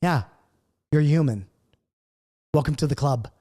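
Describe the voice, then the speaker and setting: A man's voice: a little high, a little slow, mellow. A middle-aged man teaching a recorded Bible study lesson, earnest and coaching, repeating key points.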